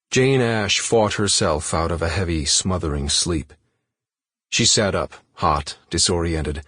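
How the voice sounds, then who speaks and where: Male audiobook narrator, low voice, measured steady reading, dry close recording. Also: no echo.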